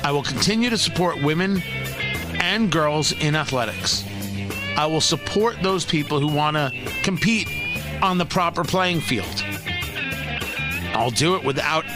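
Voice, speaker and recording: Animated opinionated male radio host. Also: a little high, a little slow, long pauses, over music. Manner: emphatic, opinionated, sarcastic. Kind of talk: talk radio commentary.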